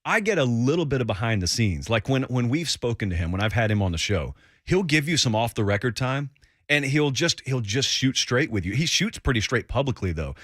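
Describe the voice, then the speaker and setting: Animated male college football analyst. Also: mid-range voice, brisk, no room sound, studio quality. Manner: animated storyteller, mimics critics. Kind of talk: casual sports radio talk.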